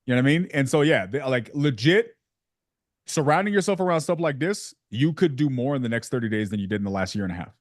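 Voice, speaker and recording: A man's voice: medium pitch, lively intonation, no echo. Man, video call host, slangy, joking, dry close sound. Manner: fast, slangy, joking, lots of fillers. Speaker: sales community host. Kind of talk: casual coaching chat on a video call.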